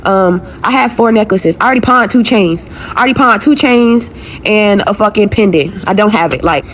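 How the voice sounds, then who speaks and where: A woman's voice: medium pitch, moderate pace, slight background noise. A young woman venting a profane, exasperated rant to her followers, repeating herself as she talks about her struggles. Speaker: woman in a viral video clip.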